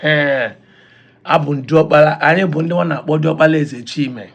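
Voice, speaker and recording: A man's voice: on the high side, normal speed, creaky. A Nigerian man with a Nigerian accent giving mocking reaction commentary, often laughing between points and mixing in Pidgin and Igbo.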